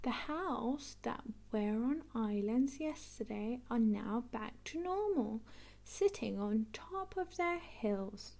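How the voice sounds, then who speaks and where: A woman reading a children's picture book aloud, expressive and clear. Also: fairly high pitch. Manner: animated, expressive, slow and clear. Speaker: storybook reader. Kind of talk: read-aloud children's storytelling.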